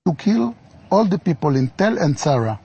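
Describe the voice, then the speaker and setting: A man speaking slow, halting, broken English as a lawyer in a played interview clip. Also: high voice, very animated, gravelly, dark tone, breathy edge, no room sound, muffled recording.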